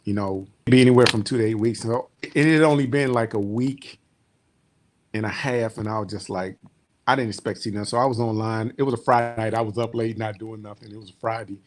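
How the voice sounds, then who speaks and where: A military veteran giving a rambling, heartfelt client testimonial that often trails off quietly. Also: male voice, fairly low pitch, fairly even intonation, brisk, slight background noise. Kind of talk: personal testimonial storytelling.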